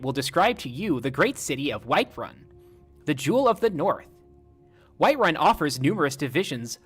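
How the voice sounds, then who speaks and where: A man's voice: a little high, a bit bright, husky, exaggerated voice. A man reading a game book aloud as a lecherous, flowery male bard while mimicking a text-to-speech lady voice. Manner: grandiose, theatrical reading.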